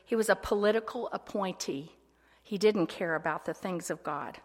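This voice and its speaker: A woman preaching a sermon, swinging between loud ringing proclamation and hushed, whispered asides. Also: medium pitch, normal speed. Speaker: speaker. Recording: long hall reverb.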